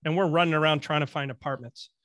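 A man's voice: fairly high pitch, fairly even intonation, quick pace, fairly bright tone. A man from Vermont co-hosting a podcast in casual chat, joking and teasing. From Vermont, USA. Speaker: podcast co-host.

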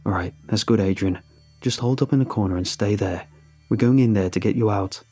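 A man's voice: fairly low pitch, fairly quick, warm tone, breathy edge, soft background music. A man voicing a stern, loyal military captain who talks in a firm, commanding way.

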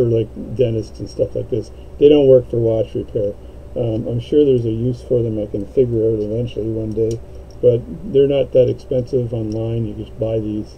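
Gravelly, very dark-voiced man rambling. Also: mid-range voice, slight background noise, poor audio. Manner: rambling and jokey, with many fillers. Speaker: watchmaker showing his tools. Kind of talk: casual show-and-tell.

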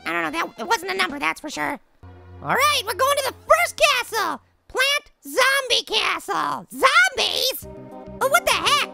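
A man voicing a tiny, cocky male cartoon apple with a sped-up, pitched-up voice, giving brash, giggly game commentary. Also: creaky, heavily acted. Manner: brash, giggly, trash-talking. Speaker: gameplay commentator. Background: game music.

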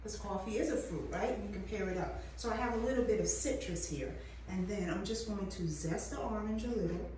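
A woman's voice: mid-range voice, brisk, dark tone. A woman chef hosting a cooking demonstration, chatty and encouraging as she talks straight to the viewer. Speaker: chef and host. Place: kitchen at a coffee company. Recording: echoey room, mic far off, background noise.

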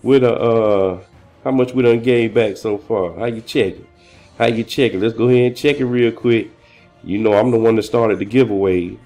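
A man talking casually and excitedly in a rambling vlog, full of slang and shout-outs, a little out of breath. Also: lowish voice, moderate pace, faint music behind. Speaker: crypto vlogger.

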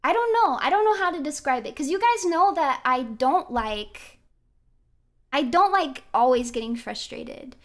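A woman with a high, bright-pitched voice, chatting casually to her viewers as she plays. She is giggly and playful and laughs often between her thoughts. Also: expressive, unhurried. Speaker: streamer. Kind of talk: casual chat while gaming.

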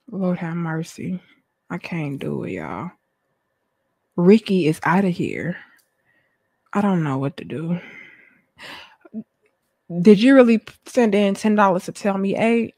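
A woman hosting a live stream, reacting to her chat with dramatic, theatrical despair and swinging between shouted pleas and low mutters. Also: creaky, husky, no room sound, clean studio sound. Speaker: livestream host.

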